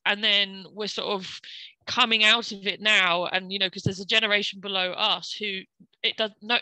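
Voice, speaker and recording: Bright English-accented woman chatting. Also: mid-range voice, fairly even intonation, unhurried, smooth, no echo, rough recording. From England, London. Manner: chatty, frequent fillers and laughs. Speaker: guest. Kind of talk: casual conversation.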